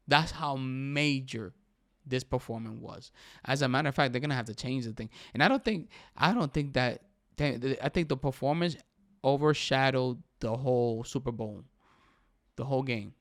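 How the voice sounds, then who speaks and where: Young male podcast host, smooth clear voice, emphatic casual talk. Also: mid-range voice, moderate pace, dry recording, studio quality. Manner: animated, emphatic, says "bro" often. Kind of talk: casual solo podcast commentary.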